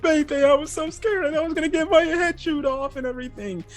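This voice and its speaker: A man voicing a whiny, clingy female dinosaur warrior in a shrill falsetto. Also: brisk.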